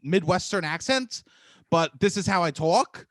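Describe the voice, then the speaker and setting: A man in his thirties co-hosting a casual comedy podcast, animated and jokey, often breaking into loud laughter. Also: high-pitched, a little slow, dry recording. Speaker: co-host.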